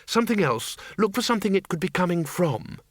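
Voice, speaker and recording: A man's voice: high-pitched, big pitch swings, fairly quick, dry recording, studio quality, pitched above the performer's own voice. A man voicing a mild, patient elderly undead wizard in an audiobook. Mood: urgent.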